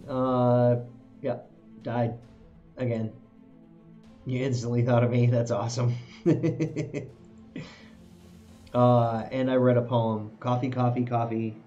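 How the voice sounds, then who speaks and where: Over faint game music, a live-streamer talks through his gameplay in a slow, steady, dark voice of medium pitch, leaving long pauses. He chuckles a lot and teases himself about his failures, and the audio is lo-fi.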